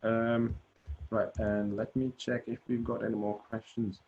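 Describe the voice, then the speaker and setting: A man hosting an online session, relaxed, giving short agreeing replies and passing on questions. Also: on the low side, a little slow, slight background noise. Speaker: session host. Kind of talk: moderating online Q&A. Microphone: video call. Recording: dull lo-fi video call audio.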